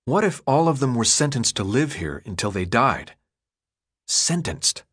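Expressive male audiobook narrator. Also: medium pitch, breathy edge. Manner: expressive, measured storytelling. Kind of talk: scripted narration.

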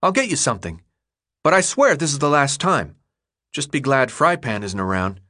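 A man's voice: mid-range voice, sing-song, normal speed, sharp tone, voice pushed up. A man voicing a sarcastic young boy. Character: sarcastic chubby young boy, blunt and impatient. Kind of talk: audiobook character voice.

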